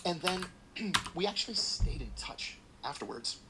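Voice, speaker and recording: A middle-aged man, a podcast guest, telling a story in an animated way and acting out the voices of the people in it. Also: high voice, measured pace, very noisy. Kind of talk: storytelling anecdote.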